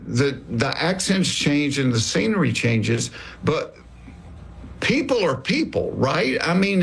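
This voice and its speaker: Gravelly Southern-accented man telling stories. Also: fairly high pitch. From American South. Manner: folksy storyteller, acts out quoted remarks. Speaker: comedian guest. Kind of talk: casual conversation.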